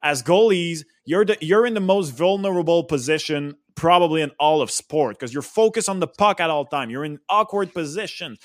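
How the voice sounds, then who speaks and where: A man's voice: fairly high pitch, no room sound, clean studio sound. A young man, a guest on a casual sports talk show, who speaks with animation, states strong opinions and corrects himself often. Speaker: podcast guest.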